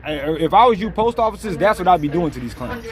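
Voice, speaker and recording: A man's voice: high voice, very animated, fast talker, crowd noise. A man giving blunt, slangy, mocking reaction commentary over a video clip.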